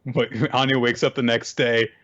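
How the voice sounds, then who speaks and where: A man co-hosting a casual manga recap podcast, retelling chapters with animated jumps into high character voices and frequent laughter. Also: moderate pace, muffled recording. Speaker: podcast co-host.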